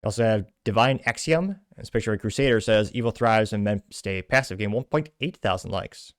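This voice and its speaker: On his commentary show, a podcast host whose voice sits on the low side reads social media posts and interjects brisk, contemptuous remarks. The recording is dry and studio quality.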